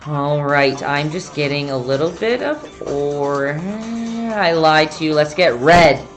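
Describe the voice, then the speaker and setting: Woman, painting teacher, slow easygoing pace, chatty, faint background music. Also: low voice, animated. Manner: chatty, reads viewer comments aloud and breaks off mid-sentence. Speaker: painting instructor and livestream host. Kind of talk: casual step-by-step painting tutorial.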